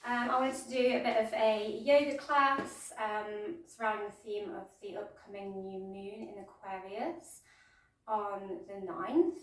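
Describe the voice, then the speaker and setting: A woman's voice: mid-range voice, fairly even intonation, a little slow. A woman teaching a casual yoga class, talking in a chatty, rambling way with lots of ums and restarts. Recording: echoey room, voice from far off.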